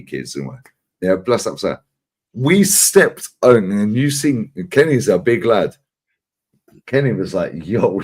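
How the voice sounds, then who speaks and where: A lively man hosting his channel's live chat, talking fast and loose with plenty of swearing. His pitch swings widely as he tells his stories, sitting on the lower side overall. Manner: animated, swearing storyteller. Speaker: channel host.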